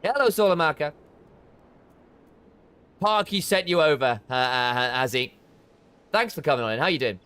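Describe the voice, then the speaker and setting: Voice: mid-range voice, lively intonation, moderate pace, pauses often, a bit bright, smooth. Chatty streamer thinking aloud. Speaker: game streamer. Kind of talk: casual live gameplay chat.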